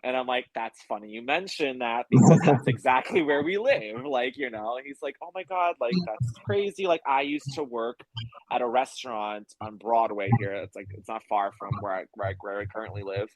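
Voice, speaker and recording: A man's voice: mid-range voice, moderate pace, no echo, low-quality recording. Young man telling a rambling story. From United States. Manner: rambling storyteller, many fillers. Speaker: guest. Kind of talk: casual chat.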